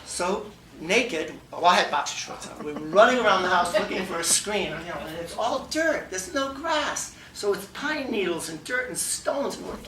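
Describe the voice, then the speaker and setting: A man giving a humorous story speech at a contest, animated and acting out dialogue, laughing along. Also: sits high, noisy background. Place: meeting room before an audience. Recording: echoey room, mic far off, faint ambience.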